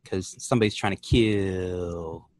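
A man's voice: low-pitched, a little slow, a little mellow. A man chatting casually on a podcast, teasing and laughing easily. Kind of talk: casual chat.

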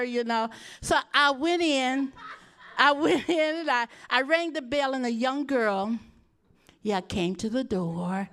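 Talk with a high, bright voice, as a pastor telling your own story from the pulpit. Stay animated, address the congregation directly and slip into the voices of the people you describe. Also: female voice, a little slow. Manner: animated storyteller, laughing often, acting out voices. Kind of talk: sermon testimony storytelling.

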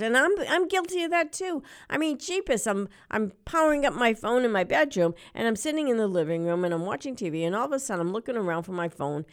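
A middle-aged woman hosting a local radio show, telling stories and ranting in a chatty, animated way. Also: on the high side, smooth. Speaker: radio host.

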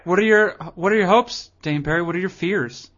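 Dry, teasing podcast host, muffled. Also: male voice, high voice, brisk, a bit bright. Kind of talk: casual podcast banter.

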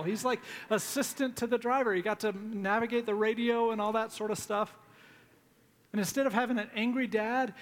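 A middle-aged man preaching a sermon, telling stories in a conversational way and slowing down to plead. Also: high voice. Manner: conversational storytelling with pleading, dramatic pauses. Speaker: pastor.

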